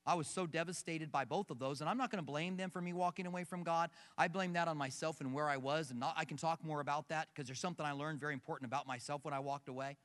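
A man's voice: fairly high pitch, fast, few pauses. A middle-aged man preaching a sermon, telling personal stories and quizzing the congregation in a large church auditorium with balconies. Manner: animated storyteller who questions the congregation. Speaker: pastor. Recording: echoey hall from a distance.

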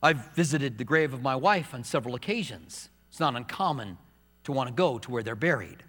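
A man preaching a sermon as pastor, moving between soft, hushed confiding and raised, emphatic preaching in a church sanctuary. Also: mid-range voice, expressive, brisk. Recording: long reverb of a large hall.

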